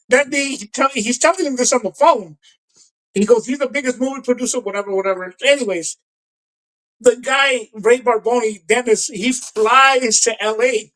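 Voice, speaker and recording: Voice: mid-range voice, normal speed, poor audio. A podcast co-host chatting casually, retelling film scenes with lots of acted-out lines and laughter. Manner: animated storyteller, acts out film scenes, laughs often. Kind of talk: casual chat.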